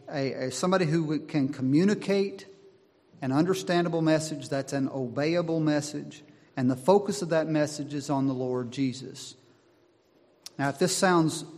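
A man preaching a sermon, slow and deliberate, driving his points home with emphatic repetition. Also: a little high, darkish tone. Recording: long hall reverb.

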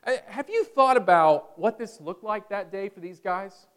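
A man's voice: high-pitched, expressive, normal speed, a bit bright, smooth. A male pastor preaching a sermon in a conversational way, with bursts of energy.

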